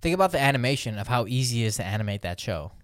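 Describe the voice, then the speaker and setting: A man's voice: mid-range voice, very animated, rapid-fire, no echo, studio quality. A man co-hosting a casual podcast, blunt and easily exasperated, swearing now and then. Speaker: podcast co-host.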